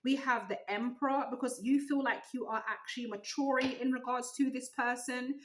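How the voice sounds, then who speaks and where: A woman giving a tarot reading, musing aloud in a loose, animated way. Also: high voice, fairly quick, slight background noise, low-quality recording. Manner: animated, musing aloud, breaks into sung gospel snippets. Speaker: tarot reader.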